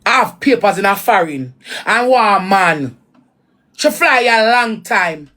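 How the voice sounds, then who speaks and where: A woman's voice: medium pitch, animated, slow, fairly bright tone. A woman with a Jamaican accent giving blunt, repetitive commentary in patois on a reaction vlog.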